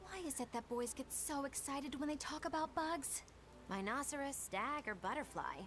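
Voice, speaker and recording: A woman's voice: high voice, lively intonation, normal speed, a bit bright, a little hiss or hum. An actress voicing a cool, aloof young woman in a video game, dry and dismissive. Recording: game audio with music.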